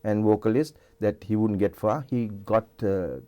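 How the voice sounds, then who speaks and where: At normal speed and in a lowish, warm voice, an older Sri Lankan English-accented singer rambles through stories in a casual TV studio interview, frequently starting over.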